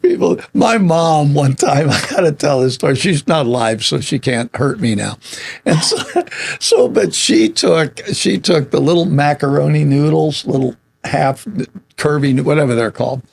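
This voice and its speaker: Male radio co-host, husky and gravelly, lively pitch, laughing storyteller. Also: normal speed. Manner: animated storyteller, laughs often, mimics family voices. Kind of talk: casual chat.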